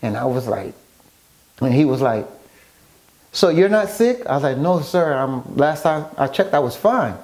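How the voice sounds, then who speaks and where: Animated male storyteller in casual talk. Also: mid-range voice, measured pace. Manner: animated storyteller acting out quoted dialogue. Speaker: guest, author and photographer.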